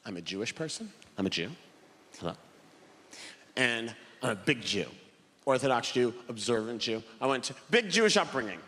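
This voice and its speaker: A male stand-up comedian in his thirties tells stories with a lively, swooping delivery and a bright, forceful edge. He jumps into shouted put-on voices for punchlines. The set was recorded live on stage, with a long hall reverb and a faint hiss behind him. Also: medium pitch, normal speed, long pauses. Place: theater stage before a laughing audience.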